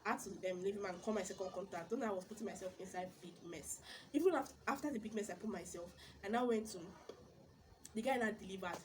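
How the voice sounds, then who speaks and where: A young woman with a Nigerian accent talks straight to camera in a chatty vlog. She tells her stories with bursts of exclamation and words repeated for emphasis. Her voice sits at a middle pitch over a faint background hiss. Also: fast. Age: young adult. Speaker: vlogger. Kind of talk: casual storytelling vlog.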